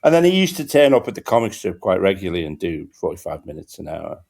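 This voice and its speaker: An older man, a comedian hosting a podcast, telling rambling anecdotes with lots of halting restarts and fillers. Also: low-pitched, very animated, vocal fry, a little mellow. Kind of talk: casual anecdotal chat.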